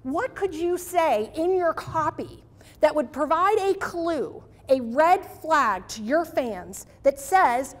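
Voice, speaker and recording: A woman speaker giving a lively marketing keynote to a live audience, emphatic and pleading at times. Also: high voice, slow pace. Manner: animated, emphatic, pleading asides. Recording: reverberant hall.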